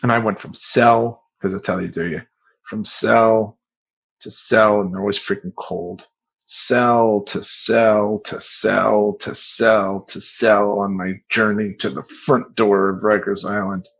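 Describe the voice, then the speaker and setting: A man who works as a life coach, telling a personal story in a profane, rambling, animated way. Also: on the low side, takes it slowly, creaky, husky, low-quality recording.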